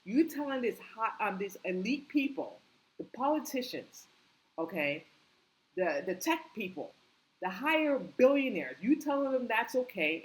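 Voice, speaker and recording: A woman delivering an impassioned opinion monologue, indignant and repetitive, firing rhetorical questions and climbing in pitch when angry. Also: sing-song, measured pace, poor audio. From United States. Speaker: political commentary vlogger.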